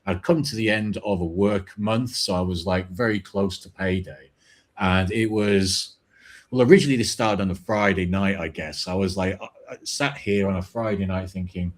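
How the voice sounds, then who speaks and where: A man's voice: lowish voice, animated, brisk, slightly rough. A man with a British accent, a podcast co-host who tells a rambling story and swears casually. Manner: rambling, swears, hedges his claims.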